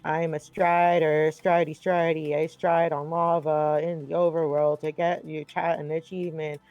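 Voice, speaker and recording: A man's voice: on the high side, little pitch movement, moderate pace, no echo, muffled recording, close to an everyday voice. A man playing a boastful lava-walking game creature, in a silly sing-song way, over background music.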